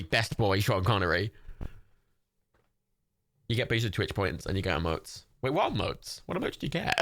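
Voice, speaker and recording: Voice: sits low, very animated, moderate pace, pauses often, fairly bright tone, no echo, clean studio sound. A young adult streamer hosting a watch party, chatting casually, reading out chat and gifts, swearing freely and laughing often.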